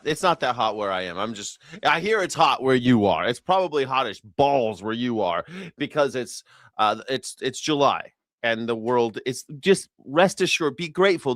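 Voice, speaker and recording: A man's voice: medium pitch, expressive, moderate pace, a bit bright, dry recording, clean studio sound. A man hosting a livestreamed news reaction show, hyped and sarcastic, with sing-song asides. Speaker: host.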